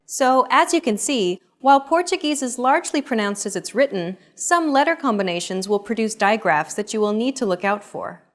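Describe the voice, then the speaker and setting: A woman narrating a scripted language lesson in a clear, explanatory way. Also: a little high, animated, moderate pace, hardly any pauses. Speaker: language teacher.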